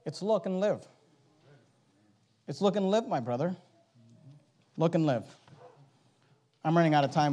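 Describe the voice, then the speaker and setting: A man preaching a sermon, reading scripture aloud and swinging between loud, emphatic exhortation and low, urgent asides.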